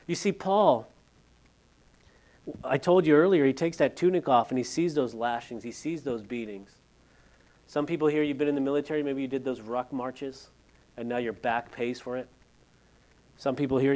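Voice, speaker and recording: Animated male pastor preaching. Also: mid-range voice. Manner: animated preaching, acts out quotes, swings from loud to hushed. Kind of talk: sermon. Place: church sanctuary.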